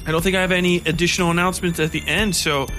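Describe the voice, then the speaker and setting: A man's voice: high voice, fairly even intonation, very fast, bright, forceful tone, faint music behind. Blunt, rambling male podcast host. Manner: rambling, blunt and profane, lots of fillers. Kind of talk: casual solo podcast outro.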